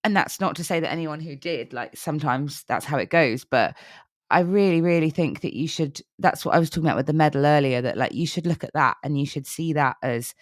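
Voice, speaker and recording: A woman's voice: low voice, brisk, no room sound, clean studio sound. A woman co-hosting a podcast, speaking supportively and earnestly in casual chat. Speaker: podcast co-host.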